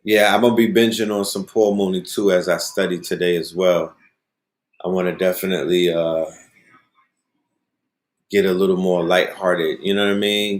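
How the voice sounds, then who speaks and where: A man with a lowish voice hosts a casual, rambling monologue. He tells stories loosely and often checks in with "you know what I mean". The recording sounds like an echoey room. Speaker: host.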